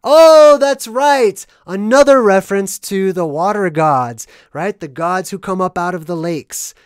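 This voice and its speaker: A chatty video host talks at a medium pitch in a loose, rambling monologue, sprinkling "right?" after every point. The voice swings between loud, excited bursts and mumbled asides. The recording is dry and close, with no room echo. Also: unhurried, smooth. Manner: rambling, constant "right?" tag questions. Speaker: movie analysis vlogger. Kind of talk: casual monologue explaining hidden meanings.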